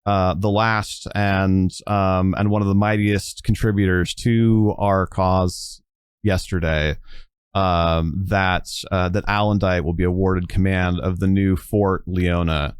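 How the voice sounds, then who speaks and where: A man's voice: sits low, clean tone, dry recording, clean studio sound. A man doing a stately noblewoman's speech. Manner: formal, measured speech. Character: stately noblewoman ruler giving a public speech.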